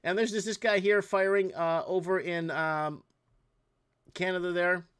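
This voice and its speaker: A man's voice: high voice, fairly even intonation, measured pace, a bit bright, smooth. A man hosting his own podcast, giving casual, exasperated news commentary, rambling with frequent restarts and fillers. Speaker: podcast host.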